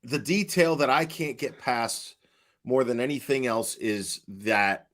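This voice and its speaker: A man's voice: medium pitch, fairly bright tone. Stammering man talking to his stream chat. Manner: halting, stammers and repeats words; questioning, talks to the chat. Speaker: online commentator. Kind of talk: casual livestream commentary.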